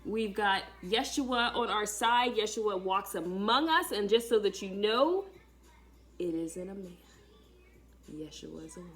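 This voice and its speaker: Against faint background music, a woman with a mid-range voice and a slightly slow pace gives a lively spiritual talk. As a spiritual teacher, she addresses viewers directly in a casual, emphatic, dramatic manner.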